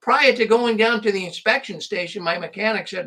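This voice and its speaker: A man's voice: high-pitched, fairly quick, hardly any pauses, bright, forceful tone. A man hosting a call-in show, talking in a rambling, conversational way with restarts. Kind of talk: casual call-in talk.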